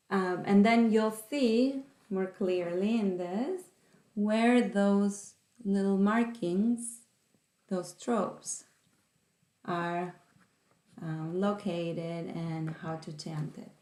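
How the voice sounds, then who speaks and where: A woman teacher walks through a lesson at an unhurried, careful pace, stopping between phrases. Her voice sits at an ordinary middle pitch. The room around her is noticeably echoey. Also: a little mellow. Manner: slow, careful explanation with pauses. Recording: roomy echo.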